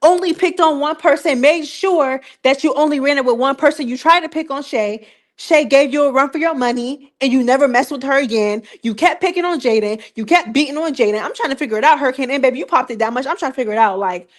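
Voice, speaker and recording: A young woman with a high voice hosts a casual live-stream recap. She talks in a loose, slangy way, circling back to the same teasing questions again and again. Her delivery stays animated throughout. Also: quick pace.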